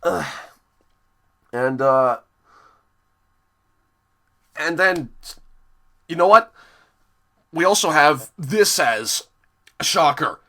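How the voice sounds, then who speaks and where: Slow-talking exasperated man with a bright voice. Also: fairly high pitch, animated. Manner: exasperated and profane, with heavy sighs. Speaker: episode reviewer. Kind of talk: ranting review monologue.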